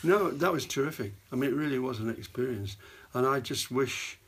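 An older man, an actor, telling rambling anecdotes in an interview and dropping into hushed asides. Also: medium pitch, fairly quick, slightly rough. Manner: rambling storyteller, drops to hushed whispers for asides. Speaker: actor guest.

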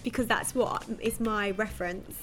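A woman's voice: medium pitch, steady tone, normal speed, soft background music. A woman being interviewed as a guest, chatting casually and joking about herself, laughing often. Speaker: guest actress. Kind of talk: casual chat.

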